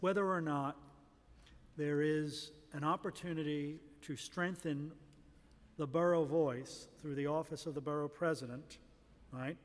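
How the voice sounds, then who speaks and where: A man's voice: on the high side, steady tone, a little slow. A middle-aged man, a commission member, making long earnest remarks at a public hearing. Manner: rambling, earnest, long run-on sentences. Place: large city hall hearing room. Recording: reverberant hall.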